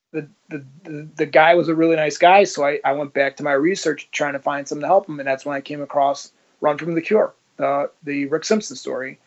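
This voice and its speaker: Brief: male guest, slightly high voice, lively blunt storyteller who acts out dialogue, muffled lo-fi recording. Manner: vivid, swears, acts out dialogue. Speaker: interview guest. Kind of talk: personal storytelling. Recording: dull lo-fi sound.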